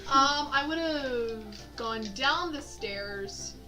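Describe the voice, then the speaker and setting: A woman's voice: high-pitched, expressive, very slow. A woman player in a tabletop game, talking casually and hesitantly, often restarting while she decides her moves. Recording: voice from far off the mic. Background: background fantasy music.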